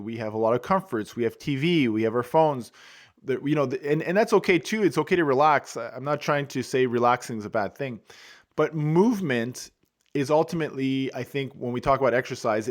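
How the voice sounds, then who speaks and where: A middle-aged man hosting a wellbeing podcast, talking through fitness advice in a relaxed, rambling way with lots of "you know" and restarts. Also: mid-range voice. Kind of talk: casual advice monologue.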